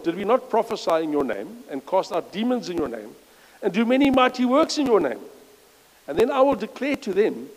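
A man's voice: high-pitched, sing-song, a little fast, in a large hall, rough recording. A man giving an informal church sermon, reading scripture aloud with emphasis and chatty, self-correcting asides. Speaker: lay preacher.

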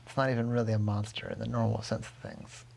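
A man voicing a calm, helpful male problem-solver in a bedtime story, measured and reassuring. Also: on the low side, vocal fry, slightly rough.

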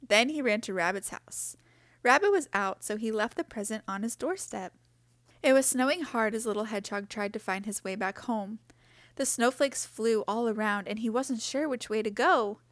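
A woman's voice: on the high side, moderate pace, dry recording. Woman reading a picture book aloud. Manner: gentle expressive reading with character voices. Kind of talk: storybook read-aloud.

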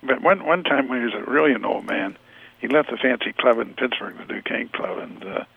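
An older man telling stories as an interview guest, rambling and halting with many restarts. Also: mid-range voice, animated, no room sound. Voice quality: gravelly, husky. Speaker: interview guest, retired football scout. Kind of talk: storytelling over the phone. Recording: tinny phone line.

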